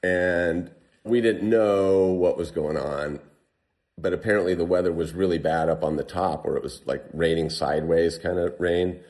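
Male guest, deep register, recounting his story in an easygoing, animated way. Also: normal speed. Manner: animated, heavy use of "like". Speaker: guest telling a survival story. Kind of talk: casual storytelling.

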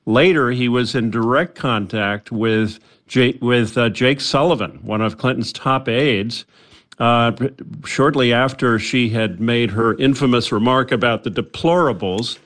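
A man speaks as a journalist guest in a radio news interview. His pitch sits in the middle range and he talks conversationally. He restarts his sentences often as he explains. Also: measured pace, a bit bright.

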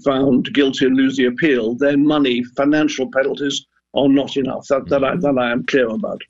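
An older man speaks earnestly on a radio programme, stumbling and repeating words as he gathers his thoughts. His voice sits at an ordinary pitch and comes over a dull, lo-fi line. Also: fairly even intonation, normal speed, darkish tone. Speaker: guest, former football club chairman. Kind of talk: radio interview.

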